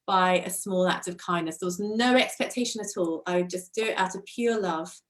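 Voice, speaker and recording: A woman's voice: lowish voice, a little fast. A woman from England, co-hosting a mental health live stream and telling chatty, self-mocking stories. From southern England. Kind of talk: casual live-stream chat.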